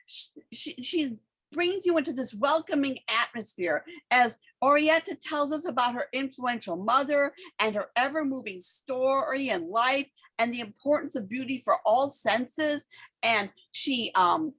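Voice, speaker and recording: Woman, theater reviewer and host, high voice, eager, chatty. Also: measured pace, a bit bright, slightly rough. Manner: enthusiastic, gushing with restarts. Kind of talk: casual review and interview.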